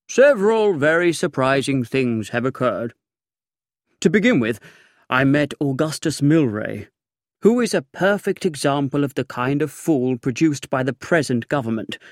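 A man narrating an audiobook in the first person, with a languid, dry, measured reading. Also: mid-range voice, no echo. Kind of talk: scripted narration.

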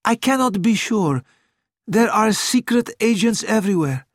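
Male reader doing a sad young prince: lifted pitch, slow, earnest, dry close mic. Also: animated, dry recording. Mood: troubled. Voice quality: earnest, pleading. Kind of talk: audiobook reading.

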